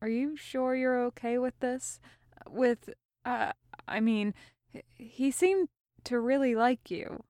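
A nervous young man who stammers through his words, voiced by a woman reading aloud. His tone is soft, slightly high and smooth. The recording is dry and close, like a storybook read at home. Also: slow pace, no echo. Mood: hesitant. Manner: hesitant, stammering, soft-spoken. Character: anxious tender young male rogue. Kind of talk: fan audiobook reading.

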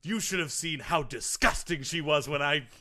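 In an improvised comedy podcast sketch, a man plays a smug, eccentric male tennis grunt coach, delivering it in a pompous, theatrical, over-the-top way. His voice is a little high, bright and forceful, at a moderate pace.

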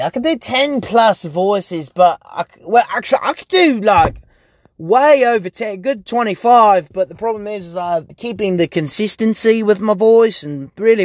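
A young man with a high-sitting voice rambles and swears through a casual podcast monologue, recorded in his parked car yet with studio quality and no room sound. The podcast host is profane, rambling, and laughs often.

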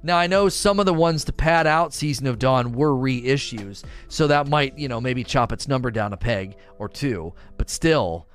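A man's voice: medium pitch, animated, normal speed, hardly any pauses, smooth, faint music behind. A man giving casual video game commentary and answering viewer questions, talking in a rambling way with many restarts and asides. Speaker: gaming content creator.

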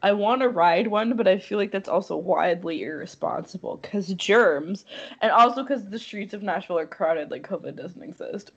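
Young woman, husky voice, giggly, casual podcast co-host chat, animated storyteller. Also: mid-range voice, moderate pace, highs cut off.

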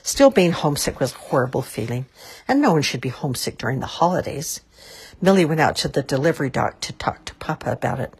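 Storybook narrator, woman, low and breathy. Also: fast talker. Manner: expressive, lilting. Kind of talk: storybook read-aloud.

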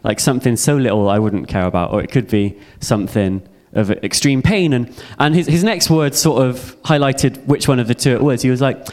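A man's voice: mid-range voice, brisk, hardly any pauses, a little mellow. Earnest young man preaching. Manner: earnest and heartfelt, with repeated phrases. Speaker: youth speaker. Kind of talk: personal testimony sermon.

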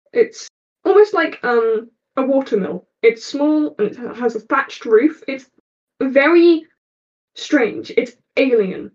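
A woman game master narrates a tabletop game and takes her time over every scene description. Her voice is fairly high and very unhurried, and the lo-fi recording dulls it. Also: darkish tone. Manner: descriptive, meandering, slow scene-setting.

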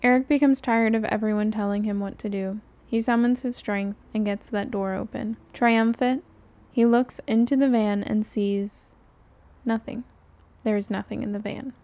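A woman narrating an improvised comedy story in a deadpan way on a podcast. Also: medium pitch, moderate pace.

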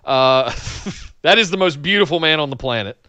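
A man with a Southern US accent, co-hosting a casual podcast chat in an animated, excitable way and laughing often. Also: on the high side, moderate pace, smooth, no room sound, muffled recording. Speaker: podcast co-host. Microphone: remote call.

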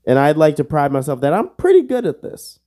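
A man's voice: a little high, wildly swooping pitch, fast talker, dark tone. A young man hosting a casual solo podcast, joking and self-mocking, swearing under his breath while he plays a quiz. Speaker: podcast host.

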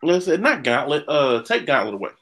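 A man co-hosting a podcast in casual chat, animated and opinionated, often restarting his sentences. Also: fairly high pitch, a little fast, breathy edge. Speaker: podcast co-host.

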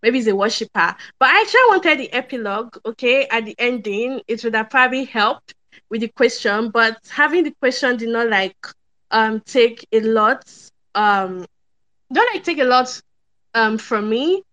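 A woman's voice: a little high, animated, normal speed, pushed and bright, lo-fi sound. A woman hosting a film review podcast, talking casually and thinking aloud with lots of hesitant fillers.

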